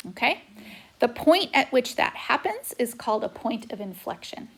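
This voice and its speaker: A woman teaches a math lesson over a whiteboard recording, chatty and saying "okay" often, recorded on a tablet microphone. Her slightly high voice is creaky and a bit rough, swinging widely in pitch at a moderate pace.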